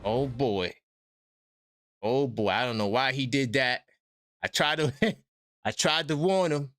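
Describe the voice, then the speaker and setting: A man's voice: mid-range voice, slow, a bit bright, dry recording, faint music behind. A man hosting a live sports call-in show, trash-talking and laughing with callers in casual street slang.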